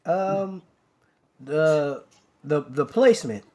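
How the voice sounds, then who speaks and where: A man's voice: fairly high pitch, animated, takes it slowly, dark tone. A man joining a podcast as a guest in casual chat, hesitant and full of fillers.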